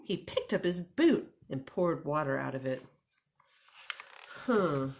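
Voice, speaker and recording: A woman librarian reading a storybook aloud at storytime, animated and giggly. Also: sits low, moderate pace, gravelly, reverberant, a little hiss or hum. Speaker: children's librarian.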